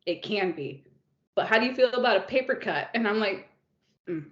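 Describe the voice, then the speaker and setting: A woman with a medium-pitched voice co-hosts a podcast, chatting casually about books at a moderate pace. She's animated, tells stories and laughs often. The recording sounds roomy, dull and lo-fi.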